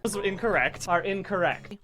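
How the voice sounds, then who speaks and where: A man heard in a rapid supercut of clipped single words, with a jumpy, animated delivery that swings between loud and soft. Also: sits high. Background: background music.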